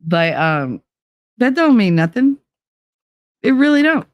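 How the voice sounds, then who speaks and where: A woman's voice: fairly high pitch, sing-song, slow pace, no room sound, lo-fi sound. Blunt, profane woman chatting to a stream. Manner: blunt, profane, laughing storyteller; slips into put-on accents and voices. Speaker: livestream talk show host. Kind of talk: casual chat to a live chat audience.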